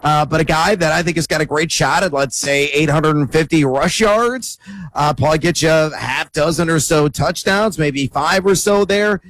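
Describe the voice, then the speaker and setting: A man breaking down fantasy football picks, rattling off numbers at a brisk clip. His voice sits a bit high for a man. The sound is dry and close, with no room around it. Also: a bit bright, no echo. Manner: quick, numbers-packed delivery with fillers. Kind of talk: stat-heavy sports analysis.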